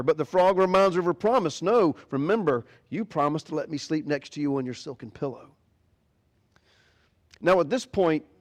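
A man's voice: a little high, darkish tone. A man preaching a sermon as pastor, animatedly retelling a fairy tale. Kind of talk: sermon storytelling.

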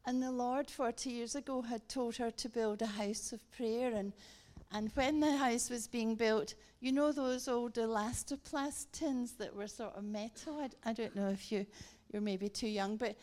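A middle-aged woman giving a guest sermon, telling a story with animated emphasis and emphatic repetition. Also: on the high side, moderate pace. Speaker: guest speaker.

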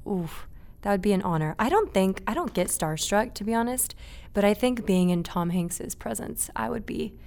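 A woman's voice: mid-range voice, animated, normal speed, vocal fry, a little mellow. A young adult woman, a guest in a casual interview, speaking earnestly and reflectively and laughing easily.

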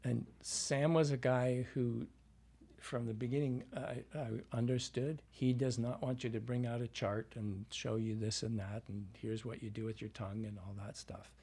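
A man's voice: medium pitch, level tone, moderate pace, mellow, husky. A man working as a dialect coach, telling rambling anecdotes in an interview, full of fillers and restarts.

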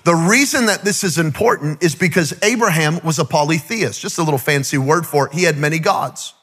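A pastor preaching a sermon to a congregation in church, rhythmic and repetitive, building up to impassioned shouts. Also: male voice, fairly high pitch, fairly quick, breathy edge. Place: church stage before a congregation.

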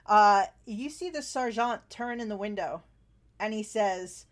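A woman's voice: medium pitch, unhurried. A woman narrating a tabletop game as game master, chatty and laughing often, with frequent fillers.

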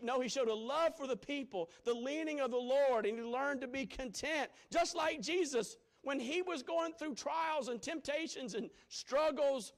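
A man's voice: extremely high pitch, normal speed, few pauses. A man preaching a sermon, building repeated refrains and reading scripture aloud, with frequent chuckles. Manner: repetitive call-and-response cadence, chuckles often.

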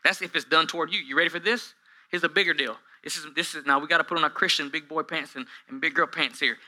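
A man in his forties preaches to a live congregation, his voice pitched high and very bright, almost sharp. He moves from hushed asides to shouted peaks and tells self-deprecating stories with a joking edge. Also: quick pace, poor audio. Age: 40s. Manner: humorous, self-deprecating storytelling. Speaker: pastor. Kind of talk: sermon. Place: church hall with a live congregation.

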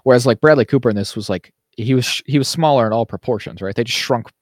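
A man's voice: mid-range voice, fast, no echo, clean studio sound. A man co-hosting a podcast in casual chat, ranting animatedly and mimicking people he quotes. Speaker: podcast co-host.

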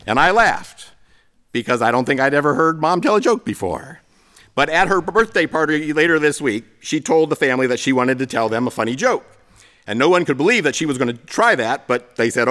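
A middle-aged pastor preaching a sermon, telling stories with self-deprecating humor. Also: male voice, medium pitch, expressive, normal speed, a bit bright.

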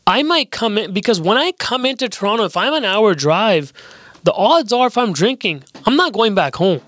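A man's voice: high voice, sing-song, normal speed, a bit bright, no room sound. A man in a casual debate, reasoning through his point aloud with stammering restarts.

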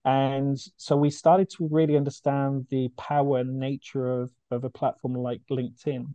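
A man's voice: medium pitch, little pitch movement, normal speed, warm tone, no echo, muffled recording. A man, a charity founder, telling his story earnestly and with feeling in a podcast interview, often restarting his sentences. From United Kingdom.

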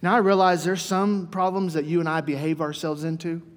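High-voiced preacher in a reverberant hall. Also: male voice, fairly quick. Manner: swings between soft hushed passages and lively, raised mock dialogue. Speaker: pastor. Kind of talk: sermon. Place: church sanctuary. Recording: long reverb of a church hall.

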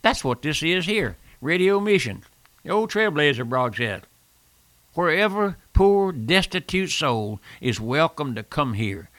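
A man's voice: fairly high pitch, big pitch swings, measured pace, a bit bright, dry recording. An older man preaching a fervent radio sermon, repeating phrases and calling the listener "my friend".

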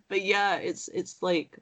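A co-host in a casual chat over a call, laughing often and chiming in with quick asides. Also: mid-range voice, pushed and bright. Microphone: remote call.

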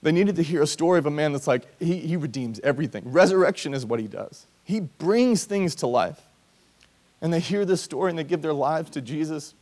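Earnest pastor telling a personal story. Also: male voice, fairly high pitch, animated, brisk, darkish tone. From Georgia, USA. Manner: conversational, earnest, acts out quoted voices. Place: church service.

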